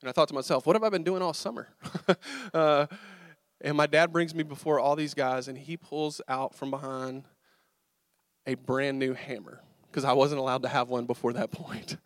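A man's voice: mid-range voice, little pitch movement, normal speed, dry recording, clean studio sound. A young man, a pastor telling a self-mocking story from the pulpit and joking with his audience. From American South. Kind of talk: storytelling sermon. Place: church sanctuary.

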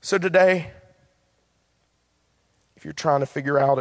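A male pastor preaching an impassioned sermon in a church sanctuary, building to loud appeals. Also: a little high, unhurried, pauses often, studio quality. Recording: long hall reverb, faint music.

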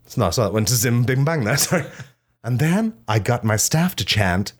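A man telling an absurd comic monologue in deadpan style, bursting into shrill shouted quotes. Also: moderate pace, slightly rough. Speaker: comedian.

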